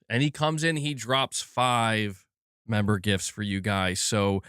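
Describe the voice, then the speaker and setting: A man's voice: lowish voice, fairly even intonation, slow, a bit bright, clear, resonant tone, no room sound, clean studio sound. A man hosting a casual gaming livestream, chatting loosely and reading out viewers' chat messages. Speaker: livestream host.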